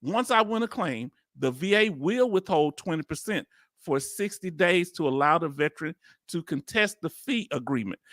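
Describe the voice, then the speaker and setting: A man's voice: on the high side, expressive, normal speed, fairly bright tone, no room sound, studio quality. A man with a Southern accent hosting a reaction video, talking in casual slang, incredulous and laughing often. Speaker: video host reacting to a hearing.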